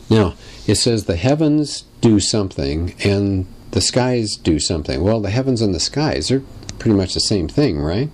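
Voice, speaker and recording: A man's voice: on the low side, expressive, normal speed, a little mellow. A man teaching a lesson on biblical poetry, asking wry rhetorical questions in a conversational way. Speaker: Bible teacher.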